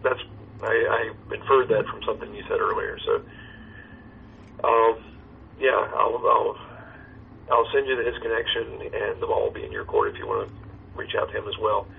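A man who is a pastor, talking earnestly and in a measured way over a call, heard through a phone line. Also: fairly low pitch, animated, vocal fry. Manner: earnest, measured, reciting a hymn slowly. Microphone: phone or video call. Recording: tinny phone line with faint noise.

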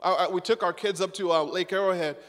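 High-voiced animated preacher in a hall. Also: male voice, fast talker. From Zimbabwe. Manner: animated, acts out quotes, repeats words. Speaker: pastor. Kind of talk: sermon. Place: church sanctuary.

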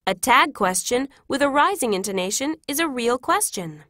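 Woman, scripted classroom phrases, higher voice with lively ups and downs, dry close sound. Measured, clear delivery. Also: no room sound. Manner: clear, measured, each phrase read separately. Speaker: English teacher reading classroom phrases.

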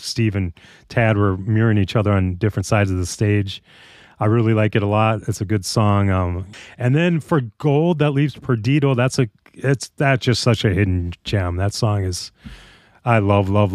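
A man's voice: on the low side, darkish tone, dry recording, studio quality. A man co-hosting a podcast, chatting casually and rambling with enthusiasm. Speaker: podcast co-host.

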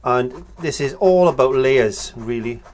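Man, painting instructor, easygoing chatty delivery, mid-pitched voice, faint hiss behind. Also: a little slow. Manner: relaxed, chatty, talks while working. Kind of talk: painting tutorial narration.

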